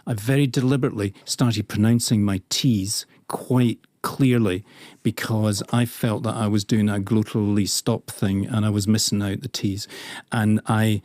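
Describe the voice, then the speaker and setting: A man speaking earnestly on a radio panel, his voice mid-pitched and dry. He stumbles and restarts often as he works through his point. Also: darkish tone, no echo. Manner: earnest, halting with many restarts. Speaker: panel guest. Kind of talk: casual chat.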